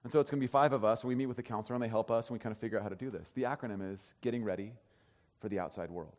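A man's voice: lowish voice, racing, a little mellow. A man giving a sermon as pastor, telling a story in a conversational way with frequent restarts. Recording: long hall reverb.

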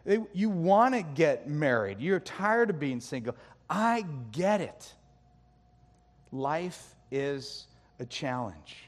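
A middle-aged man preaching a sermon, animated and jokey, acting out complaints with his voice climbing higher. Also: slow. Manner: animated, jokey, acts out complaints with rising pitch. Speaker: pastor. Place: church sanctuary. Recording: long reverb of a large hall.

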